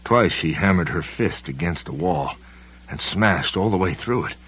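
A man with an extremely deep, husky voice tells a horror story in the first person, unhurried and folksy, with plain country grammar. The recording is muffled and a bit lo-fi. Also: expressive. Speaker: audiobook narrator.

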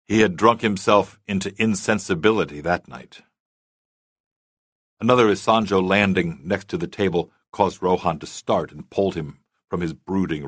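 A man narrating a novel as an audiobook in a measured, even way. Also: low voice, slightly rough, dry recording, studio quality. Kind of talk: scripted narration.

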